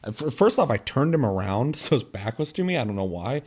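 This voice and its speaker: A man's voice: medium pitch, big pitch swings, fairly quick, husky. A young man chatting casually on a podcast, rambling and swearing, with lots of filler words. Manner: rambling, profane storytelling with many fillers. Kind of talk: casual chat.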